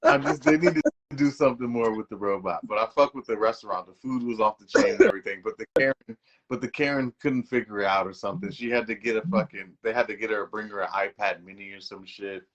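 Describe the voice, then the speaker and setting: A man's voice: on the low side, expressive, fast talker, gravelly, a bit bright, lo-fi sound. Laid-back man telling profane stories. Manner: loose, profane storytelling with many fillers. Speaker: podcast co-host. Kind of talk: casual movie podcast chat.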